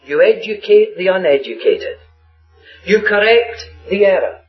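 A male preacher with a high voice gives an earnest sermon that swings widely in pitch, often repeating his phrases for emphasis. The recording is dull and lo-fi, with faint music behind him. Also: animated, a little slow.

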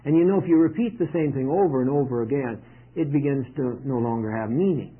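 A man's voice: medium pitch, fast, breathy edge. A middle-aged man pastor, preaching a sermon in a plain, conversational way to his congregation. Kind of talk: sermon teaching. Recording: tinny lo-fi radio broadcast.

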